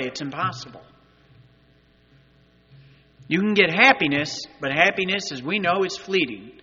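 A male pastor giving an Easter sermon, moving between loud, urgent appeals and quiet, earnest asides. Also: on the high side, breathy edge, in a large hall, dull audio. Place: church sanctuary.

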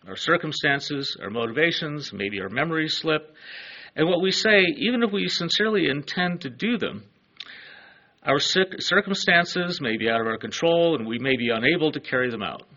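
A man's voice: a little high, lively intonation, normal speed, pushed and bright, muffled recording. A man preaching a sermon, earnest and emphatic, letting his phrases fall away at the ends.

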